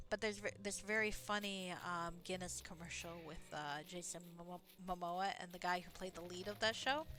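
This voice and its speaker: Bright-voiced chatty woman streamer. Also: on the low side. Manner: chatty, digressive, swears casually, laughs often. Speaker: game streamer. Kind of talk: casual rambling commentary while playing.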